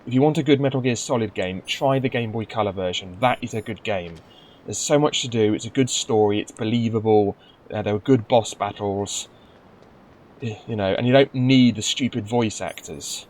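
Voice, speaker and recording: A man's voice: fairly low pitch, moderate pace, darkish tone. A man giving casual gameplay commentary, grumbling and sarcastic, with stumbling restarts. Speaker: let's play commentator.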